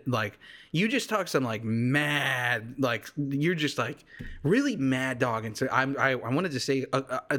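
A man's voice: mid-range voice, fairly bright tone. A young man from Texas hosting a casual solo podcast, rambling loosely and jokily with lots of fillers and restarts. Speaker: podcast host. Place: warm home room with a fan running.

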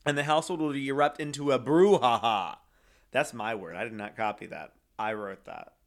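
A man's voice: medium pitch, moderate pace. A young man telling a true-crime story in casual chat, rambling with many fillers and reading quotes aloud. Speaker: co-host.

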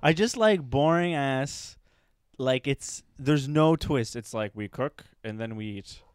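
A man's voice: medium pitch, slow pace, clear, resonant tone, dry recording, studio quality. A man co-hosting a comedy podcast, chatting casually, laughing often and acting out other people's voices. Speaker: podcast co-host.

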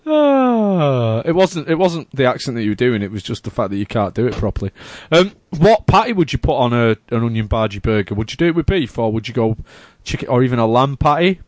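A man's voice: mid-range voice, expressive, fast, few pauses, no echo. A man hosting a casual chat, rambling and searching for his words. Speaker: podcast host.

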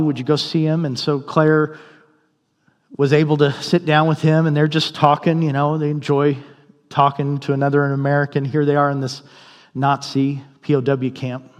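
A man's voice: a little high, level tone, moderate pace. Man preaching in a reverberant hall. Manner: conversational storytelling, voicing quoted people. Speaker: pastor. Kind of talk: sermon. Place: church sanctuary.

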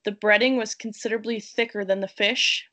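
A woman's voice: mid-range voice, steady tone, brisk, pushed and bright. A woman co-hosting a casual chat, reading restaurant reviews aloud and laughing between lines. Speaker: podcast co-host reading reviews.

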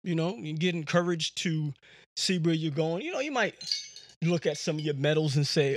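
A man's voice: a little high, lively intonation, moderate pace, noisy background. A man hosting a podcast, telling a story in a casual, slangy way and often repeating words as he talks. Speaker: podcast host.

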